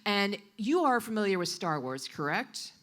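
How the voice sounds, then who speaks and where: A woman gives spoken voice to a storyteller at a live coffee shop event. Her pitch leaps and swoops freely as she retells it with animated expression, at a middling pitch for a woman. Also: moderate pace. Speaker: sign language interpreter voicing a storyteller.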